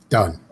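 A man on a casual podcast, teasing his friends with dry quips. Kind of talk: casual chat.

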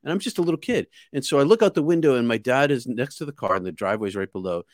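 A man's voice: medium pitch, lively intonation, rapid-fire, dry recording, studio quality. A man from outside Boston tells a personal story in an earnest, vivid way, restarting and repeating words as he goes. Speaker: guest. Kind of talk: casual spoken storytelling.

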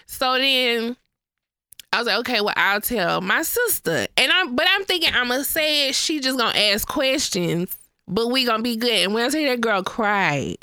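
Bright, clear-voiced woman telling stories. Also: on the high side, moderate pace, no room sound, clean studio sound. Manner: animated storytelling, acts out quoted friends. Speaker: podcast co-host. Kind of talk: casual chat.

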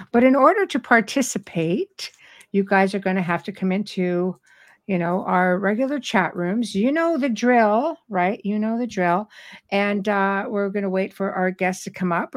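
A middle-aged woman hosting a live talk show, speaking in a robust, animated way from years of public speaking. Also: medium pitch, normal speed. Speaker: host. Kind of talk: casual chat.

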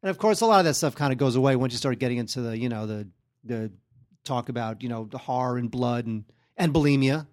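A man co-hosting a casual film review podcast, speaking hesitantly with many pauses and fillers. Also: medium pitch, darkish tone. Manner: hesitant, many ums and uhs. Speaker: film critic co-host.

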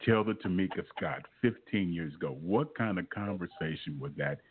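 A man's voice: sits low, moderate pace. A man hosting a radio call-in show, effusive and affectionate, laughing a lot as he talks with his guest. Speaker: radio host. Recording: tinny phone-quality line with faint noise.

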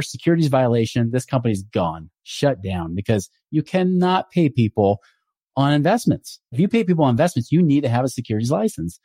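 Man, finance show host, casual and emphatic, lively pitch, dry close sound. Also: no room sound. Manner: animated, emphatic, acts out quoted people. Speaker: podcast host and financial advisor. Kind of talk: casual explanatory talk.

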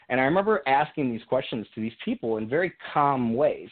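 A young man telling a personal story on a call to a radio show, thinking out loud with many restarts. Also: mid-range voice, expressive, brisk, few pauses. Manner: reflective, earnest, many restarts and fillers. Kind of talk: casual conversational storytelling. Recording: tinny phone-line sound.

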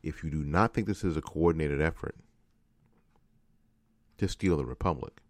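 A man's voice: rumbling low, moderate pace, dry recording. A man hosting a political commentary show, ranting in an angry, frustrated monologue with lots of repetition. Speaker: radio host.

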